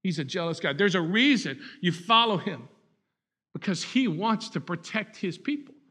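A man in his thirties, a pastor preaching an animated sermon that swings from loud to hushed. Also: high voice, normal speed, slightly rough, big-room sound.

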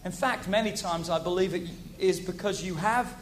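A man preaching a sermon to a congregation, animated, repeating key phrases and asking the audience questions. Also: high-pitched, moderate pace, a little hiss or hum.

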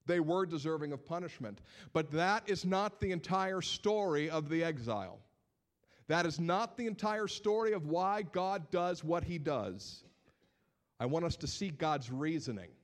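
A man preaching a sermon as pastor. His voice sits a little high for a man. He tells stories in an animated way and repeats words as he builds toward a point. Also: a little slow.

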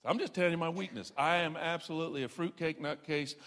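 A man's voice: fairly high pitch, steady tone, fast talker, a bit bright. Emphatic folksy man preaching in a hall. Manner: folksy, self-deprecating, emphatic preaching with repeated "I'm telling you". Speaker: pastor. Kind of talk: sermon. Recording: long reverb of a large hall.

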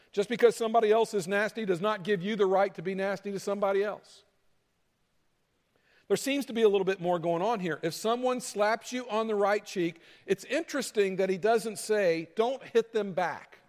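A man with a high voice preaches in a casual, conversational way. Now and then he acts out a heated argument to make his point. The sound carries a long reverb from a large church hall. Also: moderate pace. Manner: conversational preaching, acting out angry quarrels with rising pitch. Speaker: pastor. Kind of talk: sermon.

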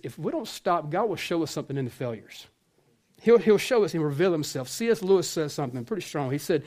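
High-voiced animated preacher. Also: male voice. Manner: animated storytelling, shifting from hushed to shouting. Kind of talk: sermon.

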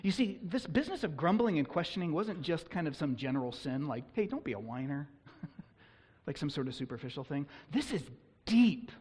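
A man preaching a sermon as pastor, animated, sometimes acting out the people he quotes. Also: a little high, normal speed, husky. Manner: animated, acts out quoted complaints. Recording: long hall reverb.

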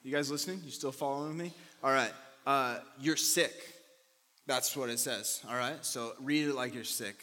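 A man leading a casual sermon, coaching readers with jokes and brisk directions. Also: mid-range voice, pushed and bright. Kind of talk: casual sermon with audience readings. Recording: reverberant hall, faint ambience.

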